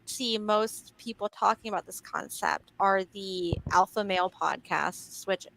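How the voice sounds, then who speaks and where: Gravelly-voiced woman hosting a casual chat. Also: medium pitch, measured pace, a bit bright, slight background noise. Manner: chatty, laughs often, frank. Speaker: host.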